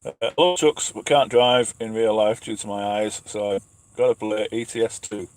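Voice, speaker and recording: On a casual night-time live stream from his cab, an English truck driver who hosts a channel reads viewer questions and names aloud, chatty and often laughing at himself. His voice is fairly low and mellow-ish, steady in tone, at a moderate pace, with no room sound.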